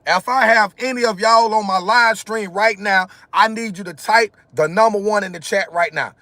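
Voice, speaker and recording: A man's voice: high voice, moderate pace, bright, forceful tone, no echo. Emphatic man ranting on a live stream. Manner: repetitive, emphatic, talks straight to viewers. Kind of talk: casual live-stream rant. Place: in a car, outdoors in sunlight. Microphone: phone camera.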